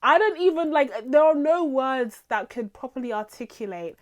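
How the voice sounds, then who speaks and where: A woman's voice: sits high, expressive, moderate pace. A young adult woman hosting a casual series review, enthusiastic and laughing often, with many fillers. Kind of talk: casual chat.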